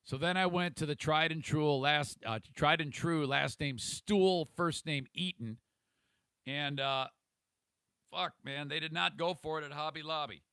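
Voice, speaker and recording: Gravelly, profane man ranting on a livestream. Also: on the high side, measured pace, pushed and bright, no room sound. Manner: profane, irritable rambling with restarts. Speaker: podcast host. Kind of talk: casual livestream monologue.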